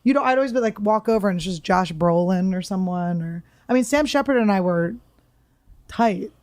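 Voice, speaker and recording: A woman's voice: medium pitch, fairly quick, no room sound, studio quality. A woman comedian telling stories in a casual chat, acting out the people she quotes. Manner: animated storyteller acting out quoted voices. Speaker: comedian guest.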